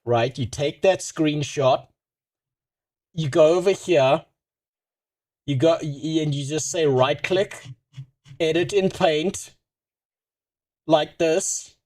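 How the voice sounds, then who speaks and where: A man's voice: fairly high pitch, takes it slowly, pauses often, a little mellow, no room sound, clean studio sound. A man streaming casual reaction commentary, rambling and sarcastic with a lot of swearing.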